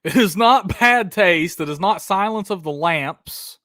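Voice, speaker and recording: A man's voice: high-pitched, expressive, measured pace, sharp tone, no echo, clean studio sound. Hyped male trivia stream host. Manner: hyped, chatty, calls viewers brother and dude. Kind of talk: live-stream trivia hosting.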